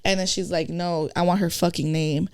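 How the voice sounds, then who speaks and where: A woman's voice: lowish voice, normal speed, clean tone. A woman guest on a podcast, telling a blunt, profane story in casual chat and acting out who said what. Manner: blunt, profane, animated retelling of conversations.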